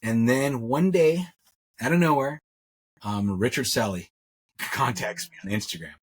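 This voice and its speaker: A man's voice: mid-range voice, animated, measured pace, slightly rough. A middle-aged man, a jewelry maker, telling his story in a rambling, casual way, repeating words and acting out what others said. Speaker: interview guest, metalsmith.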